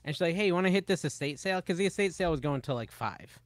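A man's voice: fairly high pitch, expressive, racing, dry recording. A man co-hosting a podcast, telling stories in casual chat and acting out other people's lines. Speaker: podcast co-host.

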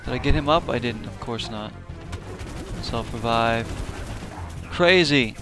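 A man's voice: mid-range voice, steady tone, moderate pace, over music. A man chatting casually as he streams a video game, laid-back and rambling with fillers. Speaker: gaming streamer.

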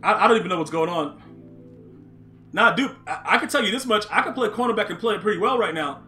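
A young man commentates his football video game on a live stream, talking to chat and repeating himself when excited. His voice is high and bright, with soft music in the background. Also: quick pace. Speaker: gaming streamer.

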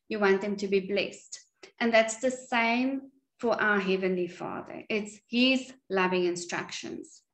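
A woman teaching a Bible study at home in an earnest, unhurried way with some fillers. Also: medium pitch. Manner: slow, earnest, with frequent fillers. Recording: echoey room.

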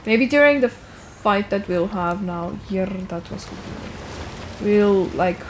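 A woman's voice: mid-range voice, slow. A woman gaming streamer who chats casually, swears and jokes at the game while she plays. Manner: chatty, swears, laughs at the game. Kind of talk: casual let's-play commentary. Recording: noisy home stream mic.

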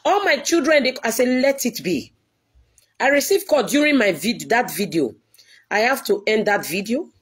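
A woman's voice: fairly high pitch, very animated, moderate pace. A woman, a church leader, giving an earnest, pleading video address to her followers and repeating herself often.

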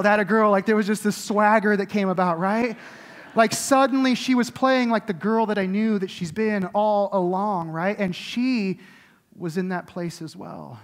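A middle-aged man delivers a sermon as lead pastor in a rather high voice. He tells stories in a loose, chatty way full of asides, then drops into a soft, intimate tone for the message. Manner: animated storytelling with many likes and rights; soft and intimate when preaching.

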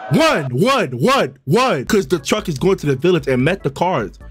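Young man, excitable streamer, higher voice, lively swooping delivery, loud profane outbursts, faint music behind. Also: moderate pace, some chatter behind. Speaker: streamer reacting to a riddle video. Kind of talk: casual live reaction.

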